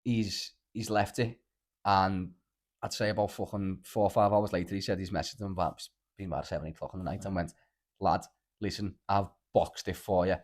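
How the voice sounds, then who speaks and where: A podcast host with a Liverpool (Scouse) accent chats casually, telling rambling, sweary stories and saying "lad" constantly. His voice is low and steady in tone, with a brisk delivery.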